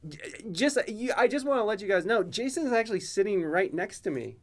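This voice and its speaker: A man's voice: high voice, sing-song, fairly quick. A man hosting a casual podcast, joking and rambling with lots of laughter. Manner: goofy, rambling, jokey with frequent laughs. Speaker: podcast host.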